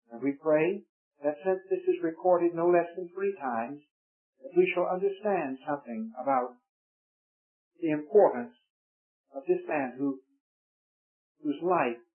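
Slow, emphatic preacher on a tinny recording. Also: male voice, mid-range voice. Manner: measured, emphatic scripture reading in old-style English. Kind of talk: sermon with scripture reading and prayer.

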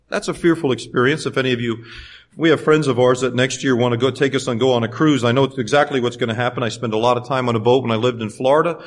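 A man preaching a sermon, animated, swinging from loud passages to hushed ones and acting out the quoted voices. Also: mid-range voice.

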